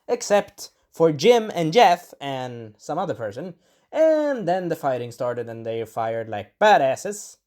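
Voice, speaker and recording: A Swedish-born speaker recapping an episode in a casual, rambling review, stumbling over names and acting out quotes, and now and then clearing a scratchy throat. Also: medium pitch, a little mellow. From Sweden. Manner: rambling, enthusiastic, acts out quotes in little voices. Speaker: video reviewer. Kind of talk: casual spoiler review monologue.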